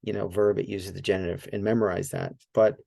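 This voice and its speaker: A man teaching Greek grammar in a relaxed, informal way, explaining step by step and often checking with "right?". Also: on the low side, fairly quick, vocal fry, no room sound. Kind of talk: casual teaching.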